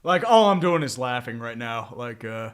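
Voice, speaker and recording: A man's voice: medium pitch, lively intonation, normal speed. A man streaming live commentary on a game as he watches. He rambles and groans, swears a lot and turns sarcastic when his team plays badly. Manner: exasperated, sarcastic, swears often; rambling, many fillers and repeated groans.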